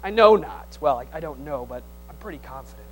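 A male pastor preaching a sermon, swinging from loud exhortation to hushed tones, with teasing humor and call-and-response. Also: a little high, animated, a little fast, faint music behind, rough recording.

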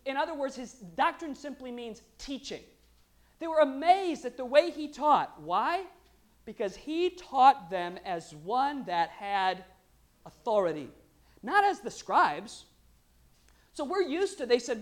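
A woman preaching a lively, conversational sermon, joking with the congregation between scripture readings. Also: sits high, normal speed. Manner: lively and conversational, with humorous asides.

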